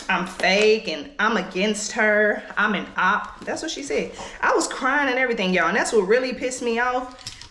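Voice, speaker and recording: A woman's voice: fairly high pitch, fairly bright tone. A woman, telling a candid, profane story to her camera while she does her makeup. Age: late 20s. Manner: candid, profane, heated venting. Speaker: vlogger. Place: indoors at home. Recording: echoey room.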